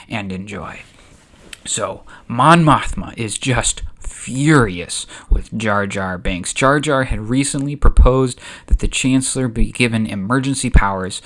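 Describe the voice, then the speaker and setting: A man hosting a channel, narrating a story in a casual, chatty way. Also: mid-range voice. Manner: chatty, relaxed, uses fillers. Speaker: YouTube host.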